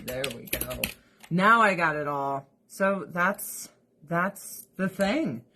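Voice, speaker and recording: A woman with a lowish voice speaks slowly yet animatedly over a noisy background. In a casual livestream chat with viewers, this vlogger is weepy and emotional, rambling, laughing often, and swearing freely.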